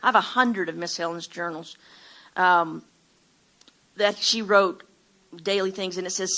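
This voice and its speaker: Southern lady from alabama, chatty bible teacher, bright clear voice, keeps restarting and repeating words. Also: lowish voice, fairly even intonation, normal speed, pauses often. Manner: storytelling with acted-out quotes. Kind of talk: informal sermon to a group.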